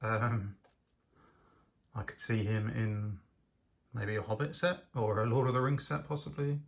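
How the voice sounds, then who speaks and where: A man's voice: fairly low pitch, fairly even intonation, a little slow, vocal fry. A man giving a casual, enthusiastic toy set review, talking with frequent hesitations and ums. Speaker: LEGO reviewer.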